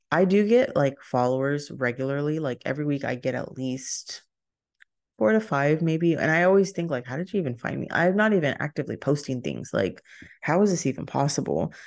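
A young woman talks through her solo podcast in a loose, rambling way, laughing easily and cutting herself off mid-thought. Her voice sits low, with a gravelly fry at the ends of phrases. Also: darkish tone. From Texas. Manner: rambling and chatty, laughs often, self-interrupting. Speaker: podcast host. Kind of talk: casual solo podcast chat.

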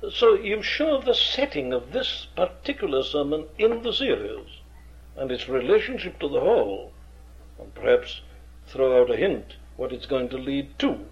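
A man's voice: medium pitch, sing-song, normal speed. A man, an experienced preacher lecturing earnestly on how to preach, with emphatic rhetorical questions. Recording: dull lo-fi archive recording.

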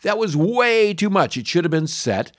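A middle-aged man tells a story on his podcast in a casual, chatty way. His pitch swings widely and often jumps into high exclamations. The recording is dry and close, with no room sound. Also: moderate pace, dry recording. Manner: animated anecdote-telling, jumps into high exclamations. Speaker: podcast host, lawn care professional.

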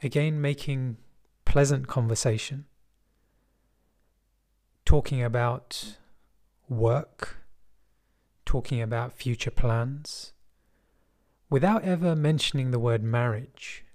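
Speaking in a gentle West London English accent, a middle-aged man recounts his own experiences in an unhurried, even rhythm. His pitch is average, and his manner is contemplative with a subtle dry humor.

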